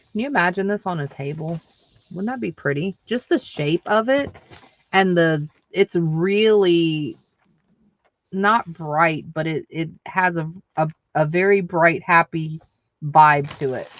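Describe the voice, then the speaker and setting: A woman's voice: lowish voice, unhurried, highs cut off. A woman hosting a live online craft sale, chatting casually and answering viewer comments aloud. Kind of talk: casual live-selling chat.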